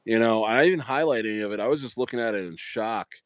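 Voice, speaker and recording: A man's voice: lowish voice, quick pace, no room sound, clean studio sound. A man hosting a casual livestream, chatting in a rambling way with lots of fillers and restarts. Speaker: livestream host.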